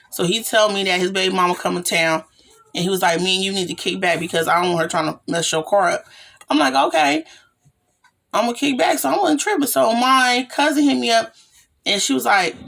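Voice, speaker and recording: Gravelly woman telling a wild story. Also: mid-range voice. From California. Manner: animated, slangy retelling with rising excited quotes. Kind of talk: casual storytime monologue.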